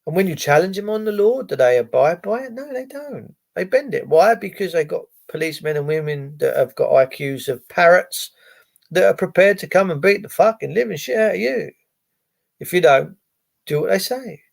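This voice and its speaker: A man with a slightly raised pitch and a gravelly edge ranting on a livestream. His delivery is blunt and sarcastic, with plenty of swearing. He addresses his viewers directly. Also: expressive, moderate pace. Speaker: livestream host.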